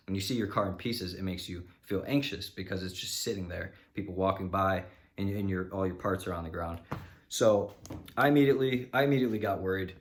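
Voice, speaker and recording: A man vlogger tells a story in a loose, rambling way, with lots of "you know" and restarts. His voice sits on the low side, and a frustrated edge runs through his telling. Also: fairly quick. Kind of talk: casual storytelling.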